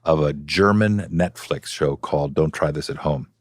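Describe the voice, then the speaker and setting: A man as a guest in a podcast interview, telling stories in a relaxed, chuckling way. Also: rumbling low, moderate pace, no room sound, clean studio sound. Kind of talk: casual chat. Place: podcast studio.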